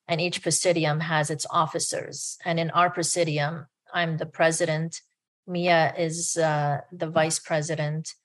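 A woman guest, a parish group president, earnestly telling a personal faith story with many fillers. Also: deep voice.

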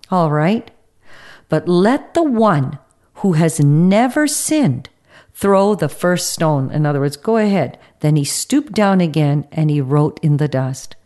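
A woman's voice: sits low, mellow. A woman reading Bible passages aloud and explaining them in a teaching broadcast, with fillers, restarts and asides.

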